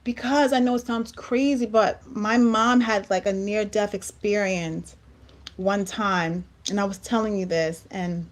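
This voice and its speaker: A woman's voice: mid-range voice, steady tone, a little slow. A woman hosting a heartfelt talk show conversation, speaking earnestly and emphatically and often repeating words. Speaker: host.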